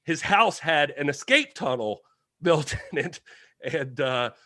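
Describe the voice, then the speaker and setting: A man's voice: a little high, animated, slow pace, pushed and bright, no echo, studio quality. A man co-hosting a podcast, talking casually and digressively, joking and laughing often. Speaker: podcast co-host. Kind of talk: casual chat.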